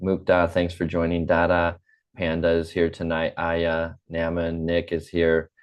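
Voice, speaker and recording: Very deep-voiced patient American teacher. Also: male voice, monotone, clear, resonant tone. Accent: General American. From United States. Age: 40s. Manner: slow, patient, repeats himself. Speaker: English teacher. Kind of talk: online class teaching. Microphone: computer mic on a video call.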